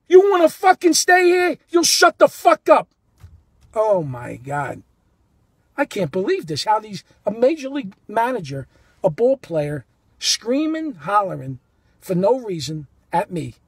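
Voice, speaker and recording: A fired-up man tells his story in a fairly high, husky voice, worked up and indignant. He swears freely, circles back on his points and hammers them home. The sound is dry and close. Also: dry recording. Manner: animated and indignant, profane, repeats himself. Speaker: baseball fan telling a story. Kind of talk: heated first-person storytelling.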